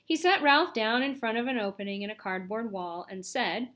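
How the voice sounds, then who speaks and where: A woman reads a children's chapter book aloud with lively expression. Her voice sits a little high, and she narrates with an animated storytelling lilt. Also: normal speed, hardly any pauses. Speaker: audiobook reader.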